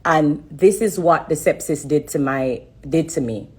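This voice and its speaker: A woman giving an emotional personal testimony on a live stream, halting and repeating herself with many pauses and fillers. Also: low voice, darkish tone, husky.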